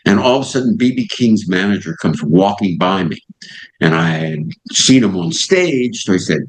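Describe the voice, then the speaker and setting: Older man, low voice, lively storyteller. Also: moderate pace, poor audio. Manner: lively storyteller who acts out the voices in his anecdotes. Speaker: satellite radio host, guest. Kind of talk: anecdotal storytelling in an interview.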